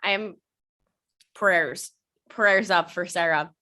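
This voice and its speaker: A woman's voice: on the low side, takes it slowly, sharp tone. A young woman co-hosting a podcast in casual chat, talkative, cursing often and laughing a lot. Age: young adult. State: hiccups. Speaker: podcast co-host.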